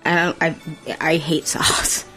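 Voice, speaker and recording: A woman's voice: low voice, little pitch movement, slow, sharp tone, soft background music, low-quality recording. A woman co-hosting a casual radio talk show, stating blunt, emphatic opinions.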